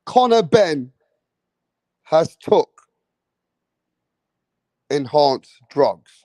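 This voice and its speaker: A man's voice: on the high side, big pitch swings, extremely slow, dark tone, dry recording. A young British man, hosting a boxing channel and ranting heatedly to his viewers, swearing and repeating himself. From Britain. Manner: heated, profane, repetitive, addresses viewers directly. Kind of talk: ranting commentary video.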